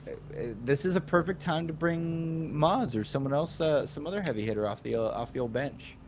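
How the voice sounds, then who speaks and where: A man's voice: fairly high pitch, fairly quick, a little mellow, slight background noise. A man streaming a video game, casually joking, swearing and riffing on tangents with his co-host. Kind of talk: casual let's-play banter.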